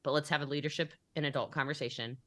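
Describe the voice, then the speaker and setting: A woman's voice: low voice, steady tone, fast, a bit bright, a little hiss or hum. A young adult woman talking as a business coach in a motivational podcast interview, emphatic and acting out the conversations she quotes.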